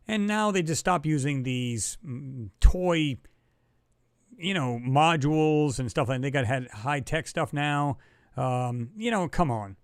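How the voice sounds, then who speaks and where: Brief: male stream host, casual and excitable, pitched a bit high, dry unreverberant room. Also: no echo. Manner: excitable, talks to chat viewers, reads their comments aloud. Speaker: livestream host. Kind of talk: casual livestream commentary on photos.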